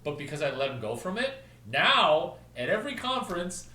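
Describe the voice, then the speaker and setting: A man's voice: on the high side, very animated, moderate pace, bright, forceful tone, echoey room, recorded from a distance, rough recording. A man hosting his own video, telling a story in a rambling, casual way that jumps between topics and stops to spell out names. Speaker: video host.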